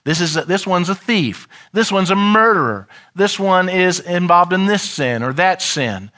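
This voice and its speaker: A man pastor preaching a sermon in a church, shifting dramatically and shouting out the crowd's lines. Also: high-pitched, expressive, normal speed.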